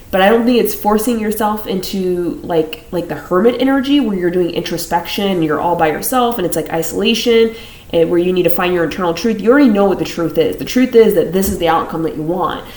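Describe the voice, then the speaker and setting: A woman with a lowish voice reads tarot cards in a loose, chatty way, circling back over the same phrases. She laughs between her thoughts. Her voice carries a roomy echo. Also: brisk, a little mellow. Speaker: tarot reader. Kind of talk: casual tarot reading to camera.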